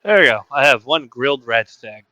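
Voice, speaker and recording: A man's voice: medium pitch, expressive, moderate pace, bright, forceful tone, no echo, rough recording. A man playing a tabletop game, chatting casually and swearing offhandedly. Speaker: player.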